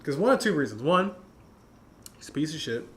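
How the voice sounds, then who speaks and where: A man's voice: a little high, big pitch swings, a little fast, a little hiss or hum. A young man casually telling rambling, profane stories on a podcast and laughing often. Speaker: podcast host.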